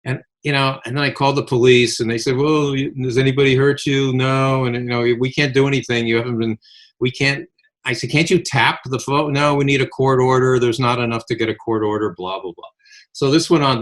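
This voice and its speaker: An older man from Connecticut telling lively anecdotes in a casual chat and acting out the voices of the people in his stories. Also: medium pitch, a little fast. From Connecticut, USA. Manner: animated anecdotal storyteller, acts out quoted voices. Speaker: podcast co-host. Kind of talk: casual reminiscing storytelling.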